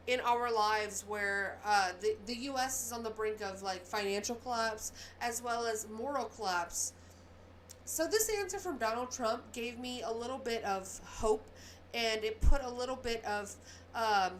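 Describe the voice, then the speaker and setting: Southern lady going off about the news, gets heated then says sorry, kinda high voice. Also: a bit bright, a little hiss or hum. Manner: heated ranting with quick apologies. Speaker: news commentary host. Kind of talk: casual news commentary.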